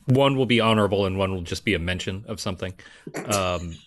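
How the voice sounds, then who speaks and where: Dry, sarcastic low-voiced man. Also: fast talker. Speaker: podcast co-host. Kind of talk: casual chat. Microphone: remote video call.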